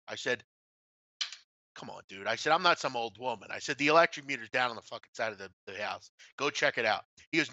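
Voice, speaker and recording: A man's voice: medium pitch, sing-song, fast, bright, forceful tone, dry recording, highs cut off. A man co-hosting a sports betting talk show, ranting bluntly and swearing freely as he tells stories. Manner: blunt and profane, ranting storyteller. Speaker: podcast co-host.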